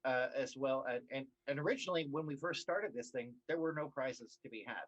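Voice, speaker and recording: A man's voice: medium pitch, a little fast, lo-fi sound. A man co-hosting an online karaoke show in casual livestream chat, gushing and repeating himself as he talks. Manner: gushing and warm-hearted, with repeated words.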